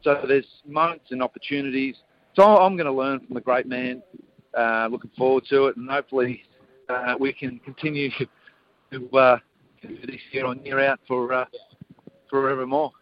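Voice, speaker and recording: List: man, Australian accent, radio guest, measured, muffled phone line. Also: medium pitch, fairly even intonation. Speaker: guest, former player and commentator. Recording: dull phone-line audio.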